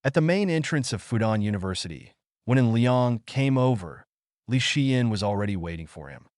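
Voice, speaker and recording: A man narrating a scripted story recap with steady storytelling and a lively up-and-down voice. The sound is dry and close, with no room around it. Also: mid-range voice, normal speed, no echo.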